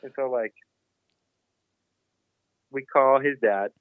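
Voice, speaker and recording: A man's voice: mid-range voice, takes it slowly, dry recording. Swearing young man on a tinny line. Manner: swears constantly, animated and dramatic retelling. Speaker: podcast guest, BMX rider. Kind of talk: casual storytelling. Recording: dry, phone-like narrow sound.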